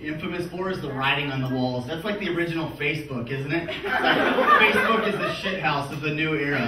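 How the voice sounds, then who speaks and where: A man in his thirties doing a crude live stand-up set, often laughing through his own punchlines. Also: fairly high pitch. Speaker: stand-up comedian. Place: comedy club stage with audience. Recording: distant, echoey live-room recording with loud audience noise.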